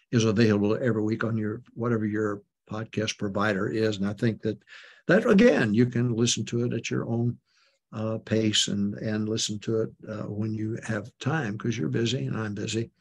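A man's voice: mid-range voice, vocal fry, slightly rough. An older man, a pastor, giving folksy, emphatic preaching talk to church leaders, chuckling often.

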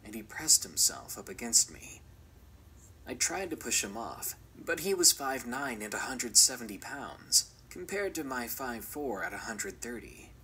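A man reading a first-person horror story aloud as scripted narration, measured and often dropping to a whisper. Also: mid-range voice, sing-song, pushed and bright, slight background noise, low-quality recording.

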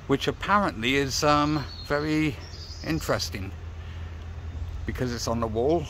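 A middle-aged man chats to camera as he wanders outdoors, in an unhurried, meandering way with plenty of pauses. He talks straight to his viewers, and faint outdoor noise hums behind him. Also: medium pitch, fairly bright tone. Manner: chatty, rambling, addresses viewers directly. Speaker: motorcycle vlogger. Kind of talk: casual chat to camera. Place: outdoors by a church and graveyard.

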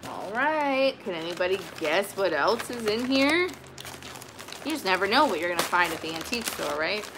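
A woman's voice: mid-range voice, big pitch swings, moderate pace, noisy background. A woman chatting casually as she shows off her vintage finds, rambling with plenty of fillers and restarts. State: sweaty, warm. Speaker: vintage reseller. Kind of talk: casual haul video chat.

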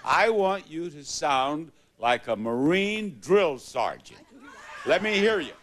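Slow, high-voiced older game show host. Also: male voice, lively intonation, slight background noise. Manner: playful, teasing, drawn-out delivery. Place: TV studio with live audience. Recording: loud studio audience and music.

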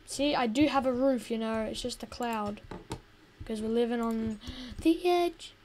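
Woman gaming host, high and slow-spoken, talks through her play with a grumbling, chatty tone. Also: a little mellow, a little hiss or hum. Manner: chatty and easily exasperated. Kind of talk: casual gameplay commentary.

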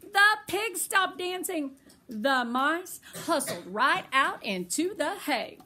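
Grandma reading a picture book to little ones, high bright voice, slow and tender. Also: female voice, a little hiss or hum. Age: older. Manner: tender, slow and expressive storytelling. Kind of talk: children's read-aloud.

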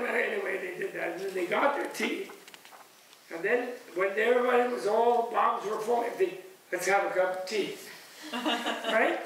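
High-voiced man lecturing in an echoey hall. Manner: animated and digressive, chuckling, acting out voices of others. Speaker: Buddhist teacher giving a retreat's closing talk. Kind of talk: discursive spiritual lecture. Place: large echoey hall at a retreat center. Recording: echoey, distant room recording with faint hiss.

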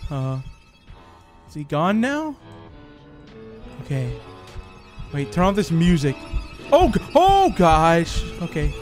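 A young man commentating a horror game for his channel, jumpy and excitable, dropping to hushed whispers and breaking into panicked yelps. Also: on the high side, slow pace, long pauses, faint music behind. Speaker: gaming YouTuber.

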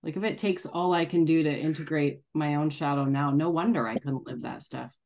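Low-voiced woman hosting a discussion. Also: a little fast, gravelly, darkish tone. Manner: reflective, laughs easily. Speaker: group discussion host. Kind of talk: casual group conversation.

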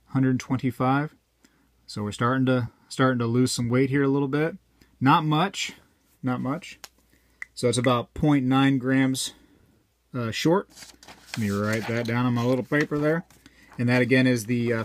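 A man's voice: mid-range voice, no echo. A chatty man talks straight to his viewers in a loose, rambling way and cracks small jokes between readings from a scale. His voice sits in an ordinary middle register. The sound is dry and close, with no room around it. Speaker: coin collector vlogger. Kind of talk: casual talk to camera while weighing coins.

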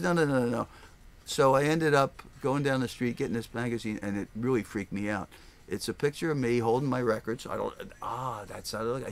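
An older man spins a long, rambling story in his own plain words. He sits for a casual interview and slips into the voices of the people he quotes, his pitch sitting in the middle range for a man. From Philadelphia area, US. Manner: animated, rambling, acts out voices. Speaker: record store owner.

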